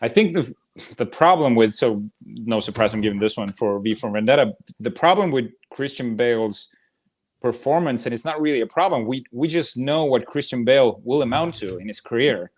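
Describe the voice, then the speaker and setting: A man from the United States co-hosting a movie debate show, speaking in an animated, casual way, swearing freely and laughing often. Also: mid-range voice, moderate pace.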